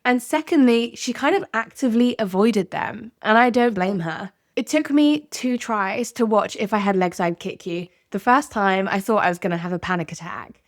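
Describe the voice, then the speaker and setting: A woman's voice: mid-range voice, moderate pace, few pauses. A woman hosting a podcast, narrating in a candid, conversational way. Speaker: podcast host. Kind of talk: scripted narration.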